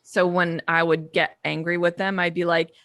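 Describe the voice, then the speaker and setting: A woman with a somewhat low voice talks openly on a podcast. She is expressive, often slipping into playful voices as she tells stories. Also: normal speed. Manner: candid, expressive, acts out quotes. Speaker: podcast host. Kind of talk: casual chat.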